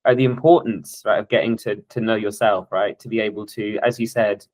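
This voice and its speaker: A man hosting an interview, speaking quickly and earnestly, often checking in with his guest. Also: on the low side, fairly even intonation, darkish tone. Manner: quick, earnest, tags sentences with "right?". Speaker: interviewer and host. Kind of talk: casual interview conversation.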